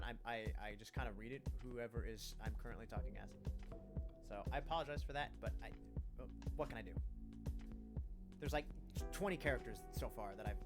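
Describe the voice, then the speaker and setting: A man casually talking through a story game, rambling and poking fun at himself. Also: mid-range voice. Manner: rambling, self-deprecating, many restarts. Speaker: gamer. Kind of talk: casual gameplay commentary.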